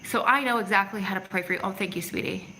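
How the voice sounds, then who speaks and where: Bright-voiced woman chatting on a phone livestream. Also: mid-range voice, quick pace, slight background noise, low-quality recording. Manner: chatty, reads comments aloud and answers them warmly. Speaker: vlog host reading live chat. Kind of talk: casual livestream chat. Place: outdoors in the city at evening.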